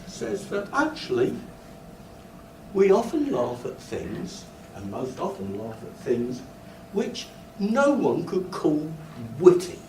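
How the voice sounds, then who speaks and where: A man's voice: high-pitched, darkish tone. An older British man giving a university lecture, animatedly telling stories and acting out his own embarrassed asides. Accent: British English. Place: lecture hall. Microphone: room recording from a distance. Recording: echoey lecture hall, distant mic, faint noise. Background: student laughter.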